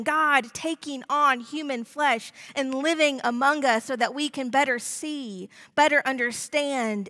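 A woman pastor preaching a sermon in a measured, deliberate way. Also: fairly high pitch, pushed and bright, big-room sound.

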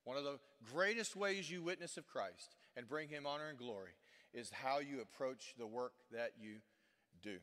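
A male pastor preaching in an emphatic, preacherly way, with a mid-range voice that rises into loud rhetorical questions and drops to near-hushed earnestness. His words ring out with a long church-hall reverb. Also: medium pitch, moderate pace. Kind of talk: sermon.

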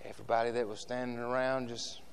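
A man preaching a sermon in a church with passion, shifting between loud shouts and hushed asides to the congregation. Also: mid-range voice, flat delivery, fast, gravelly, slight background noise.

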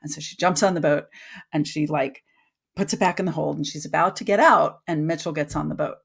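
A woman's voice: sits low, a little fast, creaky, slightly rough. A woman guest author in casual podcast chat, retelling a story loosely with lots of fillers.

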